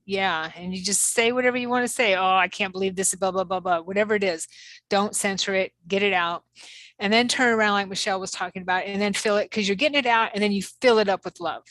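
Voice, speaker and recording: A woman's voice: medium pitch, fast, fairly bright tone, dry recording. A woman co-hosting as a psychic medium, talking casually and rambling with many fillers and restarts. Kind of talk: casual spiritual chat.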